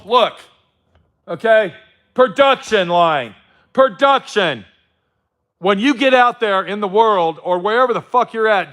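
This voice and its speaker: Middle-aged man, blunt and profane, preachy motivational vlogger; high, sharp tone. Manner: blunt, heavy swearing, preachy. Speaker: vlogger giving a motivational talk. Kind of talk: profane casual motivational rant.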